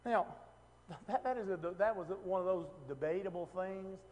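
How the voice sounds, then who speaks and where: A man's voice: high-pitched, moderate pace, darkish tone, long reverb tail. A man teaching a Bible passage in a casual, conversational way, often asking the room questions and restarting his sentences. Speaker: preacher.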